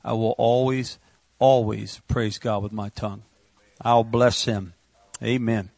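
A man preaching a sermon, impassioned and repetitive, rising to shouts on words of praise. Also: on the low side, little pitch movement, unhurried, vocal fry, no room sound.

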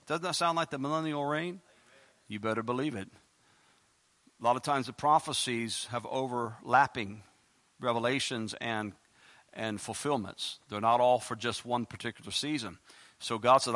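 A male preacher delivers a sermon in a bright, forceful voice. He reads scripture passages aloud with rising emphasis and breaks in with rhetorical questions. He ends in a spoken prayer. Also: mid-range voice, moderate pace.

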